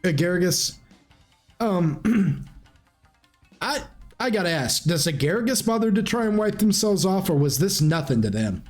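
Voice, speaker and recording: A male game master narrates a tabletop game in a rambling, casual way. He often restarts and clears his throat. His voice sits fairly high, with soft music underneath. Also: sing-song, measured pace.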